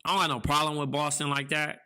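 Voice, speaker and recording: A young man with a bright, forceful tone and a slightly high pitch leads a loose, jokey podcast conversation. He reads out answers and riffs on them in a laid-back way. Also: little pitch movement, fast talker, clean tone. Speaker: podcast co-host. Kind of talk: casual chat.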